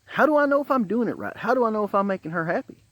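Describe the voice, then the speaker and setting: A man with a Southern US accent voicing a naive, eager young male coworker who asks puzzled questions in a higher, softer voice. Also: lively intonation, very fast, highs cut off.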